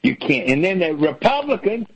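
A man's voice: high voice, very animated, moderate pace, breathy edge. A man, co-hosting a talk radio show in casual, mocking banter. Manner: folksy, mocking, slips into comic voices for people he mocks. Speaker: radio co-host. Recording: dull lo-fi radio sound with faint noise.

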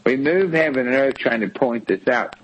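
A man's voice: medium pitch, lively intonation, normal speed, slight background noise, rough recording. Profane, scolding man ranting on a talk show. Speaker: co-host. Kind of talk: blunt tough-love talk show rant.

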